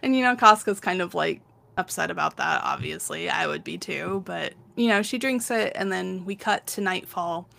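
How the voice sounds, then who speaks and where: A woman's voice: mid-range voice, vocal fry, pushed and bright. A woman co-hosting a podcast, casually retelling a story in a chatty way and laughing often. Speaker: podcast co-host.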